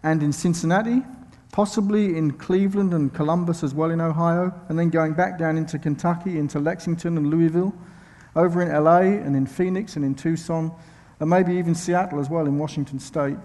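With a long reverb tail in the church sanctuary, a London-accented visiting preacher talks fairly quickly in a steady, darkish voice on the high side. His sermon drifts into friendly, self-mocking asides, and he frequently says um and starts over.

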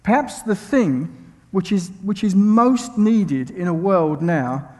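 This high, expressive voice takes it slowly, darkish in tone and echoing in the large hall of a church sanctuary. The man, a guest preacher with a London accent, keeps things chatty and self-mocking with friendly asides, plenty of ums and false starts.

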